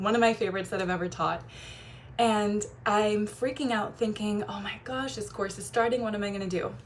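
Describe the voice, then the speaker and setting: A young woman, a feminine energy coach focused on relationships, talks to camera in a medium-pitched voice with slight background noise. She is casual, warm, and gushing, with quick light laughs and playful quoted voices.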